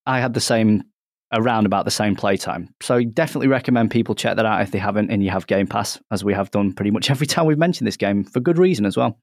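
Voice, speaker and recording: Jokey British podcast host. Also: male voice, lowish voice, fast, dry recording, studio quality. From Britain. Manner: chatty, jokey and animated. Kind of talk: casual gaming podcast chat.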